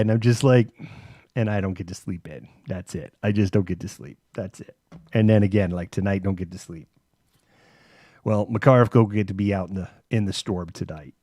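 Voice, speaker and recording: Guy hosting a live stream, rambly and swears a lot, low mellow voice, dry close mic. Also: fairly even intonation, fairly quick, no echo. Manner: rambling, profane storytelling. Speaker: host. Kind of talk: live-stream casual chat.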